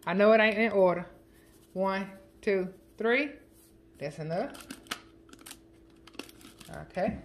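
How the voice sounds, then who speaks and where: A woman's voice: mid-range voice, slow, long pauses, a little hiss or hum. Chatty woman cooking amid kitchen clatter. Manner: chatty, counts seasoning shakes aloud, jokes with family off camera. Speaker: home cooking vlogger. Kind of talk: casual cooking chat. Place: home kitchen. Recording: kitchen clatter of dishes and utensils.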